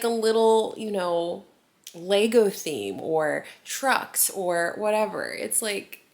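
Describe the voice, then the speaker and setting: A woman's voice: medium pitch, gravelly. Chatty, rambling mom vlogger woman. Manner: rambling, filler-heavy, giggly. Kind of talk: casual chat to camera.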